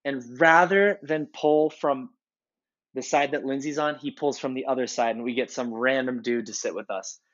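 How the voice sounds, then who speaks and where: Casual male podcast co-host, mid-pitched, chatty and rambling, slightly dull recording. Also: steady tone, normal speed, a bit bright. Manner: rambling storyteller, frequent restarts. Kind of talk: casual chat.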